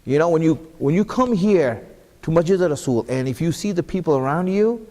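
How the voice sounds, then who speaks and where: A man's voice: on the high side, lively intonation, brisk, mellow. A man giving an earnest sermon at a mosque, putting repeated questions to the congregation. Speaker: speaker at an Islamic center. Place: mosque hall. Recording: long hall reverb.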